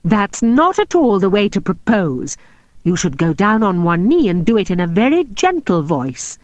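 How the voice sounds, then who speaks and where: Woman doing a gentle, earnest mother. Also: mid-range voice, big pitch swings, normal speed, dry recording, lightly acted. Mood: reproving.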